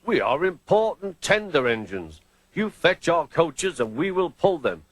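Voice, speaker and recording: A man's voice: on the high side, sing-song, dry recording, voice pushed up. A man voicing a haughty engine. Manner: haughty, slow. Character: proud sulky male express engine.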